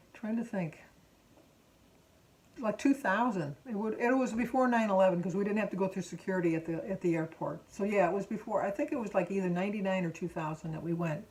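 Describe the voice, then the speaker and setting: An older woman in her sixties, speaking at an ordinary middle pitch, talks casually to the camera about family memories. She wanders from one detail to the next and keeps pausing to correct herself mid-story. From Michigan. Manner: rambling, self-correcting storyteller. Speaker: vlogger. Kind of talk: casual chat.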